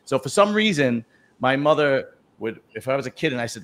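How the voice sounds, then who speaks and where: A middle-aged man hosting a casual video-call chat, telling stories in a crude, animated way and swearing freely. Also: mid-range voice, brisk. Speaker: host.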